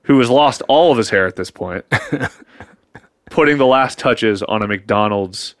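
A man's voice: mid-range voice, a little slow, no room sound, clean studio sound. A man in casual comedic chat, improvising a long made-up story and acting out the voices in it with plenty of swearing. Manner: animated, profane, acts out quoted voices in his stories.

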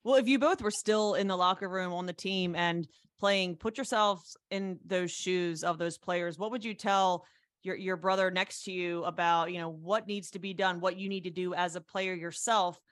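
A woman's voice: lowish voice, steady tone, moderate pace, fairly bright tone, no echo, clean studio sound. A woman hosting a casual sports chat, prompting her guests in a conversational way. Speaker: host.

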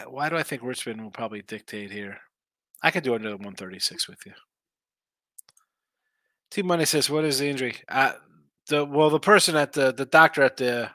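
Tired, slangy betting-stream host; bright voice, dry close sound. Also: male voice, medium pitch, no room sound. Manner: laid-back, rambling, slangy, reads chat aloud. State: tired, yawning, injured arm. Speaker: sports betting show host. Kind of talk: casual live-stream chat reading viewer comments.

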